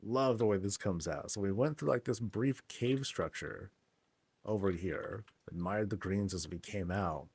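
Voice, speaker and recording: A man's voice: lowish voice, unhurried, a little mellow, slightly rough, no echo. A man hosting a casual game tour, laid-back and joking, with lots of slang. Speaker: game channel host.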